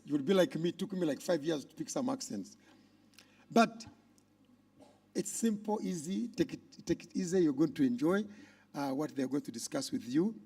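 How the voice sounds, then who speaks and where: A Ugandan man emcees a conference from the stage, his voice husky and mellow yet pitched a touch high. He calls out to the crowd in a loud, animated way. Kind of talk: live stage hosting.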